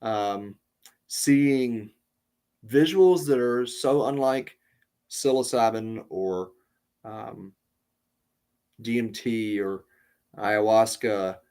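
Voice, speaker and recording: A man hosting a podcast, telling a casual story in a rambling way with many pauses and restarts. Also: fairly low pitch, a little mellow, clear, resonant tone. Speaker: podcast host.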